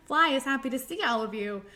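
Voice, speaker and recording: A woman leading a children's storytime, reading aloud and doing finger rhymes in a gentle, sing-song way. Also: high voice. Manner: slow, gentle, sing-song with frequent laughs. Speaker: children's librarian.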